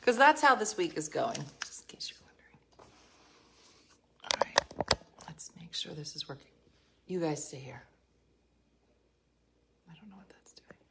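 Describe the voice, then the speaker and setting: Woman, low voice, casual livestream host, chatty storyteller, exasperated asides, talking into a phone at home. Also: sing-song, a little slow, gravelly, pauses often, very noisy. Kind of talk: casual live chat with viewers. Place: her home, being renovated.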